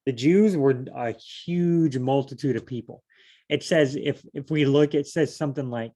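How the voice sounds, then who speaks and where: With a dark, mid-range voice, this solo Bible study host works through scripture by himself. His manner is relaxed and informal: he reflects aloud and acts out moments from the reading in rapid character voices.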